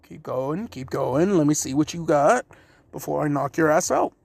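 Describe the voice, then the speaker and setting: A man's voice: fairly high pitch, expressive, moderate pace, gravelly, darkish tone, dry recording. A man voicing a protective big-brother village leader who talks bluntly, crudely and with threats. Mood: gruff.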